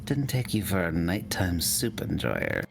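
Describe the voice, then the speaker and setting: Man as a curt adventurer, deep gravelly voice, dry delivery, game fan dub. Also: huge pitch swings, unhurried, soft background music, heavily acted. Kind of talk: live fan dub of a visual novel.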